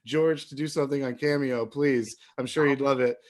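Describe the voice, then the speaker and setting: A man hosting a live-stream talk show, talking casually and briskly as he wraps up one guest and brings on the next. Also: medium pitch, fairly even intonation. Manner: casual, friendly, hurried wrap-up. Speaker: host.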